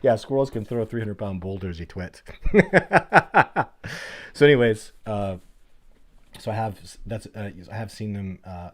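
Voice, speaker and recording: A middle-aged man hosting a casual live Q&A, telling stories in an animated, blunt, plainspoken way. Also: lowish voice, moderate pace. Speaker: host of a livestream Q&A.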